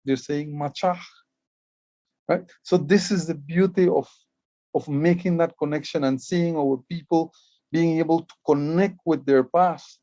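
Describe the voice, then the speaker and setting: A man's voice: on the high side, steady tone, measured pace, dark tone, no room sound, dull audio. A man from Belize, giving an explanatory conference talk as a Maya writing educator, often repeating words as he starts a phrase. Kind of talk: conference presentation.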